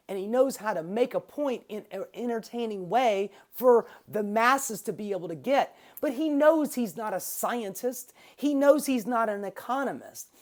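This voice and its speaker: A woman YouTube commentator ranting casually and profanely about the news. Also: a little high.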